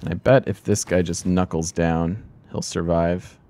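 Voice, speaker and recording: A man's voice: deep voice, steady tone, measured pace, mellow. A man streaming a strategy game, chatting casually and thinking aloud about his moves with self-deprecating remarks. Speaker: let's play streamer. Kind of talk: casual gameplay commentary.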